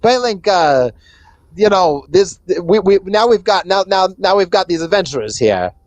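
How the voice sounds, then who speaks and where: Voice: mid-range voice, animated, normal speed, dry recording, voice pushed up, natural voice. A game master voicing a scheming female rat crime boss with a smug, drawling manner.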